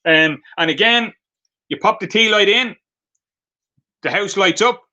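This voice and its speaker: In a muffled recording, an Irish man with a high, expressive, pushed and bright voice shows his handmade pieces during a live product demo. He's unhurried and chatty, spinning light-hearted tales full of fillers.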